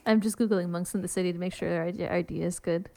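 A woman co-hosting a podcast in casual chat, jokey and quick to laugh, going off on tangents. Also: lowish voice, steady tone, creaky, dark tone. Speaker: podcast co-host.

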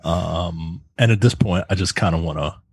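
A man in casual gaming chat with a husky voice. He talks in a laid-back, profane way, with lots of ums and stumbling repeats. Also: low voice, normal speed.

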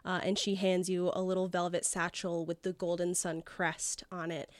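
A woman's voice: fairly low pitch, level tone, moderate pace, dry recording. A woman narrating as game master, casual and rambling with fillers.

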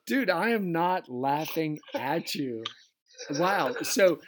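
A man's voice: on the high side, slow. A man hosting a casual chat, teasing and swearing a lot as he asks his guest questions. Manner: profane, teasing, animated. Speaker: podcast host.

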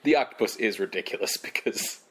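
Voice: medium pitch, brisk, husky. A podcast co-host commenting on a film with dry, joking remarks in casual chat. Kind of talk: casual movie discussion.

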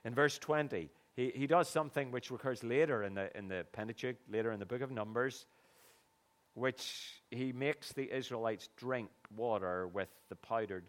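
A middle-aged man preaching a sermon in an earnest, conversational way, with sudden emphatic bursts. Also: mid-range voice.

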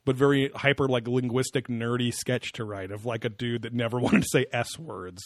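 A young man co-hosting a podcast, rambling and sarcastic, with frequent fillers and swearing. His voice sits in a middle pitch and sounds dry and close. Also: fairly quick, no echo. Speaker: podcast co-host. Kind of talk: casual chat.

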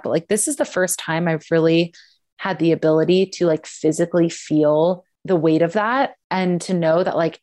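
A young woman in casual chat, telling a personal story and acting out the lines of others. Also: fairly low pitch. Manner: animated storyteller, acts out quotes.

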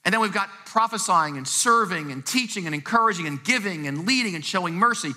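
A man's voice: high-pitched, lively intonation, brisk, sharp tone. A male pastor preaching a conversational sermon to his congregation in a church sanctuary, emphatic and prone to repeating words as he presses a point. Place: church sanctuary, live service.

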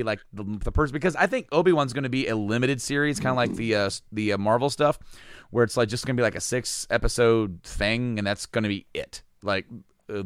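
A man's voice: medium pitch, a bit bright, clear, resonant tone, no echo, studio quality. A man co-hosting a casual chat, rambling with many restarts and casual swearing.

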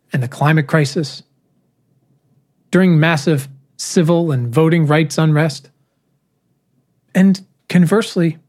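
A speaker giving a prepared keynote talk, with measured, rhetorical phrasing and emphatic pauses. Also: medium pitch, darkish tone.

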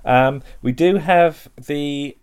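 A man's voice: a little high, takes it slowly, a little mellow, smooth. A man co-hosting a podcast in casual chat, teasing his co-host and laughing often.

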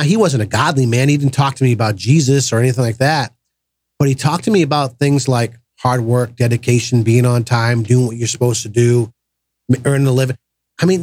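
A man's voice: mid-range voice, dry recording, clean studio sound. A middle-aged man from Massachusetts telling personal stories in a casual podcast chat, acting out the voices of people he quotes. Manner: animated, acts out quoted voices. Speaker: podcast guest. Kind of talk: casual storytelling conversation.

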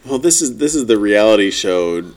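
A man's voice: fairly low pitch, animated, normal speed, a little mellow. A man co-hosts a podcast, and his voice swings widely up and down as he talks. He is blunt and sarcastic, and he swears freely while he mocks the cast. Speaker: podcast co-host. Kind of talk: casual chat recapping a reality show.

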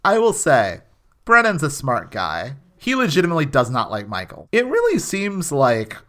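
A man in relaxed podcast conversation whose voice moves around a lot in pitch. He drops in dry little asides. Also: moderate pace. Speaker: podcast co-host. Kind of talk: casual chat.

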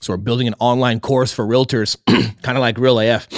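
A man's voice: medium pitch, little pitch movement, fairly quick, dry recording, clean studio sound. A man in his thirties telling a candid, profane personal story as a guest in a casual talk. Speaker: podcast guest, realtor.

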